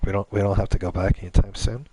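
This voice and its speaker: A man voicing a laid-back teenage boy who skipped prom, with casual, low-key delivery. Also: level tone, quick pace, mellow, slight background noise, natural voice. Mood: easygoing.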